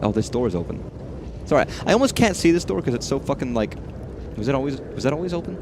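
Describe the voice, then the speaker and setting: With a mid-range voice that swings widely in pitch and a fast delivery, this man streams a horror game over a noisy background. His casual commentary rambles, full of free swearing aimed at the things on screen.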